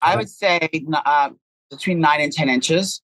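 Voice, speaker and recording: A man co-hosting a podcast in casual chat, animated and rambling with crude humor. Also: a little high, measured pace, no echo, rough recording. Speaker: podcast co-host.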